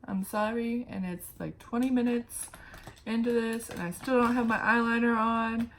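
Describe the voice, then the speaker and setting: A woman's voice: fairly high pitch, fairly even intonation, moderate pace, a little hiss or hum. A young woman telling a rambling, chatty story while getting ready on her vlog. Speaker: vlogger. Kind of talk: get-ready-with-me story time.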